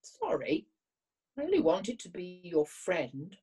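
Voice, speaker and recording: A woman's voice: on the low side, wildly swooping pitch, slow, warm tone, breathy edge, far from the mic, heavily acted. A woman doing a curious young fox. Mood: sad. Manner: eager, wondering. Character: young lonely male fox, curious and gentle.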